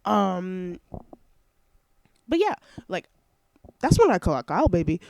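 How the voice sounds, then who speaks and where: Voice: mid-range voice, big pitch swings, slow pace, darkish tone, dry recording. A young adult college student vlogging from home on a headset mic, rambling casually with lots of fillers and a stuffy, sniffly nose. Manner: rambling, heavy on fillers, self-interrupting. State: congested and sniffling. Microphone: headset microphone.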